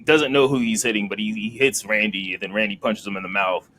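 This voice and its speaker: A man with a lowish voice co-hosts a relaxed wrestling podcast, walking through the week's events as a loose story. He fills his recap with "uh" and "like." A faint background noise sits under his voice. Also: fast. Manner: storytelling recap, laughs and acts out quotes. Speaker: podcast co-host. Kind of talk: casual wrestling recap chat.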